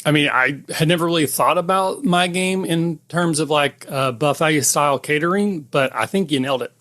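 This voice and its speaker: A man talking about his tabletop game on a podcast, with a voice a little higher than most. He chats casually and jokes about his own flaws. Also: moderate pace, fairly bright tone. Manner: jokey, self-deprecating. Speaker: game designer guest. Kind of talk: casual chat.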